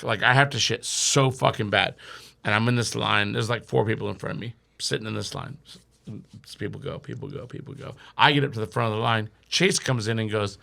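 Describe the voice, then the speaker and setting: A man guesting on a comedy podcast, telling a story in a profane, animated way and laughing between his sentences. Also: lowish voice, brisk, creaky. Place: podcast studio.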